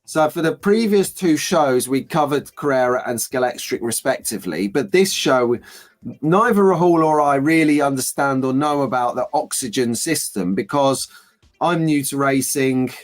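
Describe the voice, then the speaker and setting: A man's voice: medium pitch, expressive, moderate pace. A man hosting a casual live stream, chatty and rambling with jokey banter. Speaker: host.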